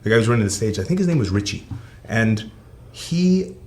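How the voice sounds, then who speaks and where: A man's voice: lowish voice, big pitch swings, fairly quick, a little mellow. A man chatting casually as a guest voice actor in an interview, easygoing and enthusiastic, often repeating himself.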